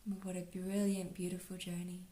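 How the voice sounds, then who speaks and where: A woman giving a relaxed spiritual card reading, talking softly and dreamily with lots of "like" and "you know.". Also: lowish voice, moderate pace, roomy sound. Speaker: astrology and oracle card reader.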